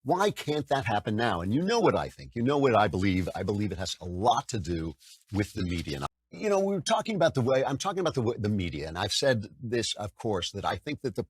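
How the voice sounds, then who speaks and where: Lively, husky older political talk host. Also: male voice, on the low side, no echo. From United States. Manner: conversational, animated, mocking impressions. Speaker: podcast host. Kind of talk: political commentary monologue.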